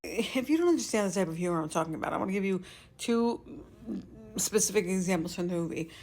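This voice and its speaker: A young adult woman giving a casual movie review. She talks in a chatty, animated way, laughing often and acting out her own reactions. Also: mid-range voice, quick pace.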